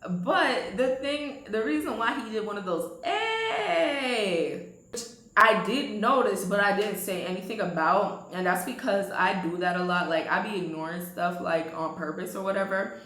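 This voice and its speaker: A woman's voice: medium pitch, moderate pace, a bit bright. A young woman vlogger telling a casual storytime, slangy and chatty, talking straight to her viewers. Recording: roomy echo.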